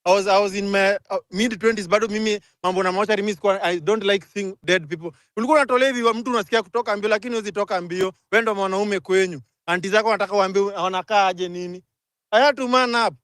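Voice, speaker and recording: A young Kenyan man ranting angrily in a live audio chat, switching fast between languages. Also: high-pitched, fairly bright tone, dry recording. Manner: angry, rapid code-switching rant. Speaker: speaker in a live audio room.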